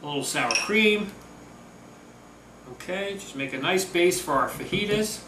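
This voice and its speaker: A man's voice: high voice, expressive, a little slow, recorded from a distance, background noise. Chatty man cooking in an echoey kitchen. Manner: chatty, upbeat, talks with mouth full. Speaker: home cooking vlogger. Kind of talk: casual cooking demo. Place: home kitchen. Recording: roomy echo, voice from off-mic. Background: sizzling food on a grill.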